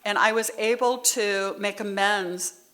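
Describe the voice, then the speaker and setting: Speaking a little slowly in a steady, bright, forceful tone, this middle-aged woman has a medium-pitched voice. It's personal testimony at a recovery meeting, told with candor in a conversational way, heartfelt and sometimes near tears.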